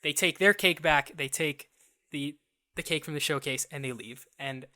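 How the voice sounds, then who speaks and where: A young man co-hosting a podcast, telling a story in a casual, animated way and acting out the other people's lines. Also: fairly high pitch. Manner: animated, acts out quoted dialogue; restarts and fillers, quick asides. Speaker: podcast co-host.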